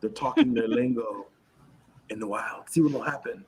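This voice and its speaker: A man putting on an Australian accent to play a male nature-documentary narrator, speaking in a hushed, slow narration. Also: medium pitch, huge pitch swings, vocal fry. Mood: hushed, playful. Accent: Australian, put on.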